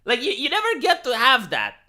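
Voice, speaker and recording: Sharp-voiced streamer man. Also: very high voice, huge pitch swings, fairly quick. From Romania. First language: Romanian. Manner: rambling, sarcastic, many restarts. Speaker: live streamer. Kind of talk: casual live stream commentary.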